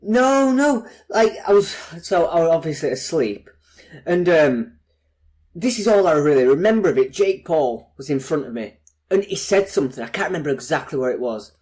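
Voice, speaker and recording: A man's voice: a little high, sing-song, moderate pace, darkish tone. A man co-hosting a podcast, telling stories in casual banter with laughter. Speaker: podcast co-host. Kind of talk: casual chat.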